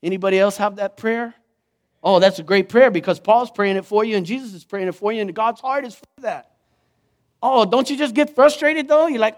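A man preaching a sermon in an animated way, acting out the voices he quotes. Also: sits high, brisk. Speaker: pastor.

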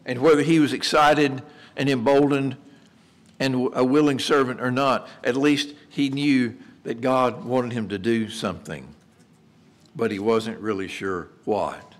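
A man's voice: medium pitch, fairly even intonation, measured pace. A man preaching a sermon in a conversational way, asking rhetorical questions and repeating words as he restarts. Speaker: pastor.

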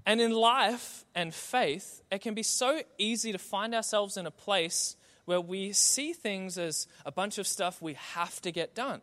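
A young man preaches with animated, self-mocking storytelling. His voice sits high and sounds bright and forceful. Long reverb from a large hall trails his words. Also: measured pace, few pauses. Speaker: pastor. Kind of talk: sermon.

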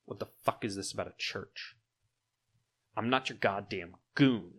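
A man voicing an angry male crime boss talking on the phone, gruff and curt, in a tabletop game. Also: on the low side, measured pace, a bit bright.

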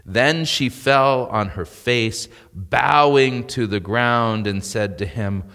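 A man's voice: medium pitch, slow, a bit bright, long reverb tail. A man preaching an expository sermon in a church, reading scripture and breaking off into asides and rhetorical questions. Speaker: pastor.

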